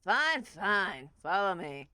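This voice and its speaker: A woman voicing a gruff, impatient prison guard who speaks curtly and loudly. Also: medium pitch, big pitch swings, takes it slowly, dry recording, full character voice. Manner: curt, loud, brusque.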